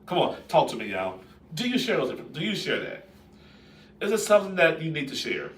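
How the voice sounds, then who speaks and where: A man hosting a live-stream talk, speaking in a lively, conversational way and putting questions to his viewers. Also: a little high, a little fast, a little hiss or hum. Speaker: host. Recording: roomy echo, distant mic.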